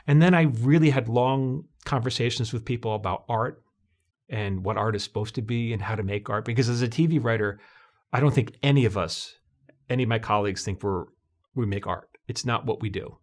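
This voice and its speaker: Middle-aged man, guest on an interview, lively storyteller, mid-pitched, quotes himself with voices. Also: fairly quick. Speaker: TV comedy writer, guest. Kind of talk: conversational interview.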